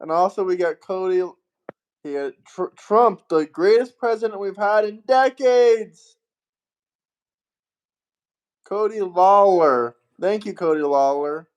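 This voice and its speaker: A man's voice: high-pitched, expressive, slow pace, long pauses, clear, resonant tone, lo-fi sound. A man hosting a casual livestream, reading out viewer comments and thanking them in an upbeat way. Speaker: livestream host.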